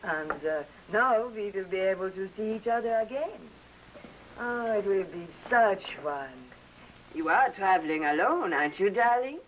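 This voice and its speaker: A woman's voice: medium pitch, sing-song, moderate pace, hardly any pauses, sharp tone, a little hiss or hum, low-quality recording. Lady doing a purring fake-accent femme fatale, voice swooping all over, old tv drama. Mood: sultry teasing. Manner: phony foreign accent, purring and coy. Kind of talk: 1950s TV drama acting.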